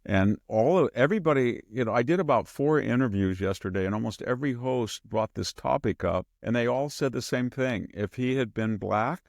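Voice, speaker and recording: A man hosting a podcast, giving casual political commentary as an animated storyteller who slips into mimicking the people he quotes and chuckles mid-sentence. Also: medium pitch, normal speed, creaky, hardly any pauses, no room sound, studio quality. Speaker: podcast host.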